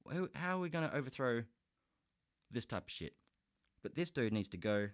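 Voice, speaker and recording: A man's voice: mid-range voice, very animated, normal speed, no echo, studio quality. An Australian man hosting a podcast, giving a heated, profane solo rant. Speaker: podcast host.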